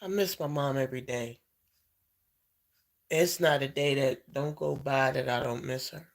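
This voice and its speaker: A man in a heartfelt personal chat with his viewers, tearful, halting and emotional. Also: mid-range voice, vocal fry. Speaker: vlogger.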